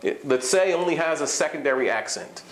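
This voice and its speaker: Male rabbi-teacher, slightly high voice, classroom lecture that demonstrates sounds and quizzes the class, echoey hall. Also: animated, a little fast. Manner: explanatory, questions the class, demonstrates vowel sounds. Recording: echoey room.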